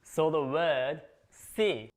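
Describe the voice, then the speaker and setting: Slow, calm male accent tutor. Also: a little high. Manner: slow, deliberate, calm demonstration. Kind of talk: slow instructional video.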